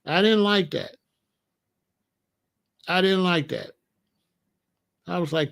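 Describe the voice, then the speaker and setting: Blunt, high-voiced man ranting to viewers. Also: measured pace, long pauses. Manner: blunt, emphatic, talks straight to viewers. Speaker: commentator. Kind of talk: casual political commentary.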